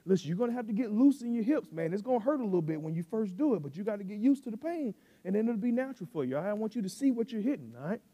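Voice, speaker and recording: A man preaching a sermon, telling a coaching story in a relaxed, slangy way that swells into loud shouting. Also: high-pitched, racing, few pauses, no echo, long reverb tail, lo-fi sound. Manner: coaching, conversational, with southern-style slang. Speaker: pastor.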